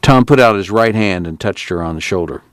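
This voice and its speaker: A man reading a novel aloud for a radio reading service in a measured, plain narration. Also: sits low, animated, no echo. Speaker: radio book reader.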